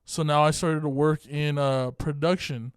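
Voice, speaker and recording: A man with a fairly high, smooth voice tells a self-deprecating story full of swearing. The sound is dry and close. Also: steady tone, normal speed, no echo. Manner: profane, self-mocking. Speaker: podcast co-host. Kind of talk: casual storytelling.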